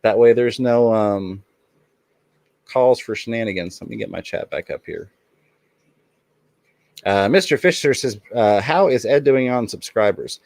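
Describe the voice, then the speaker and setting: A man's voice: on the low side, unhurried, creaky, long pauses, darkish tone, no echo. A man hosting a casual livestream in an upbeat way, reading the chat aloud and thanking viewers. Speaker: livestream host.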